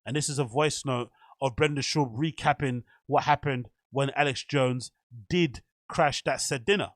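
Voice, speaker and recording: A man's voice: mid-range voice, normal speed, no echo. A man hosting a show, giving chatty, opinionated commentary with meandering asides. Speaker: host. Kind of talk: casual commentary.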